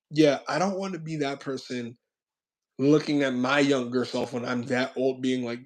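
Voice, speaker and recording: A young man talks with a friend on his stream in a loose, rambling way. He drifts into reflection and lets sentences fade off quietly. His pitch sits in an ordinary middle range. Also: a little fast. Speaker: channel host. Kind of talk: casual chat on a stream.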